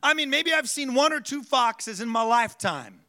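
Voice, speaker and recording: A male pastor gives a sermon in a loose, conversational way, stopping often to quiz the congregation. His voice sits high and comes across bright and forceful. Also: animated, normal speed.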